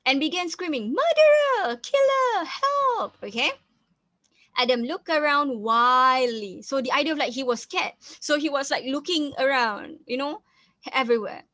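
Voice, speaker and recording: A woman's voice: sits high, normal speed, pushed and bright, no echo. Malaysian woman teaching a reading lesson. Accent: Malaysian English. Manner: code-switches to Malay, repeats and restarts often. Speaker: English teacher. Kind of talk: reading lesson, explaining a story.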